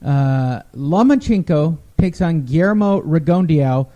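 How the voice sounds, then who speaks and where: A man's voice: on the high side, expressive, unhurried, dark tone, dull audio. A man co-hosting a casual sports talk show, recapping fights in a wry, rambling way. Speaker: podcast co-host.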